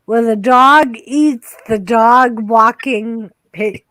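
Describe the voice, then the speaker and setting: A woman's voice: fairly high pitch, drawn-out words, fairly bright tone, no echo. A woman with a Boston accent hosting a casual watch party stream from home, giggling, teasing and swearing freely. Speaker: stream host.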